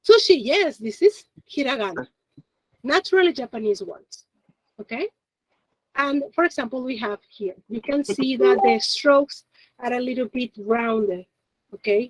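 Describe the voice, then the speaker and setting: A woman's voice: fairly high pitch, expressive, a little slow, no room sound, low-quality recording. A woman teaching a beginner Japanese class, explaining step by step in a chatty way and laughing often. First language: Spanish. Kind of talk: classroom lesson.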